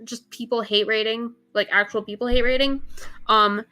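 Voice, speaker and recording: A woman's voice: a little high, fairly even intonation, moderate pace, pushed and bright, smooth. A young woman, a VTuber guest, chatting casually and rambling with frequent laughs. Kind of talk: casual chat.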